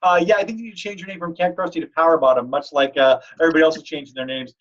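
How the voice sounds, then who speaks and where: A man hosting a fantasy football league podcast, telling stories in a joking, animated way. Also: fairly high pitch, rapid-fire. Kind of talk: casual podcast chat. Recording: dull lo-fi audio.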